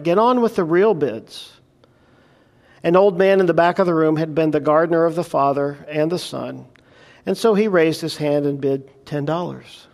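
A man preaching from the pulpit with a slightly raised pitch. He tells a sermon story with earnest care and drops into a soft, hushed tone for prayer. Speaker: pastor. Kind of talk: sermon illustration and closing prayer.

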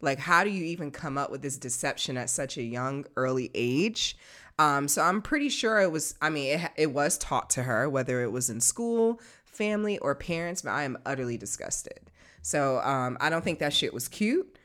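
A woman's voice: sits low, lively intonation, normal speed, a bit bright. A woman in her thirties co-hosting a casual chat, talking bluntly and profanely with lots of animation. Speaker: podcast co-host.

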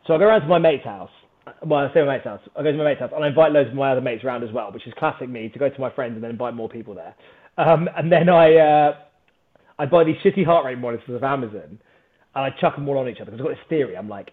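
A British man telling a story on a podcast in an energetic, animated way, swearing freely. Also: medium pitch, quick pace, narrow, tinny audio. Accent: British English. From Britain. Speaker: podcast guest, startup founder. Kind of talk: casual storytelling chat.

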